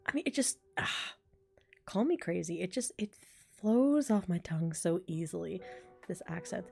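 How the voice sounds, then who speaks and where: A woman's voice: on the low side, moderate pace, vocal fry, pauses often, dark tone, faint music behind. A woman in her thirties chatting casually and rambling on a livestream, often making fun of herself. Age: 30s. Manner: chatty, rambling, self-deprecating. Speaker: voice actor and streamer.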